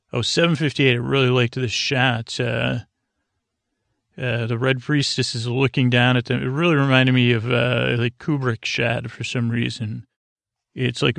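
A man's voice: medium pitch, vocal fry, fairly bright tone, no echo. A male podcast host giving a casual, rambling recap of a TV episode and often correcting himself mid-sentence. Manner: rambling, loose, self-correcting.

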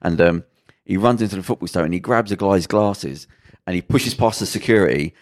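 A man's voice: low-pitched, brisk. A man on a podcast, casually retelling a drama's plot and acting out the characters' lines, swearing freely. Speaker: podcast co-host.

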